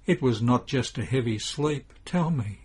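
A husky-voiced man voicing a grieving mother who pleads with anguished exclamations beside her dead son. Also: mid-range voice, lively intonation, a little slow, darkish tone. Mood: pleading.

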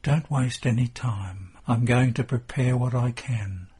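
A man reading the part of Joseph, an anxious husband speaking low and urgently to his wife. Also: measured pace, a little mellow, husky.

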